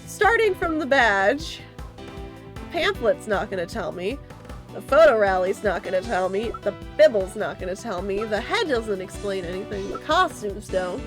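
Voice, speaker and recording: A woman's voice: mid-range voice, sing-song, normal speed, faint music behind. A woman streamer casually thinking aloud while playing a game, giggly.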